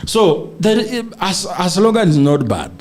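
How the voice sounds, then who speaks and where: A man's voice: sits high, big pitch swings, moderate pace. Kenyan guy on a politics podcast, emphatic and sure of himself, slips into swahili. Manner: emphatic, declarative, mixes Swahili into English. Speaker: political guest, senatorial aspirant. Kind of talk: animated political podcast debate.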